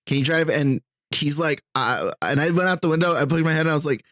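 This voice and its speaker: A man co-hosting a podcast, telling a story in a relaxed, rambling way with lots of filler words. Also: on the high side, fast, dry recording, studio quality. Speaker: podcast co-host. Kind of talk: casual chat.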